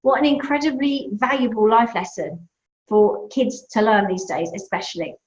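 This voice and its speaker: A breakup coach with a voice on the high side gives upbeat advice at a moderate pace during a live question-and-answer talk. She's animated, telling stories with acted-out voices, and the recording has an echoey room and dull lo-fi sound.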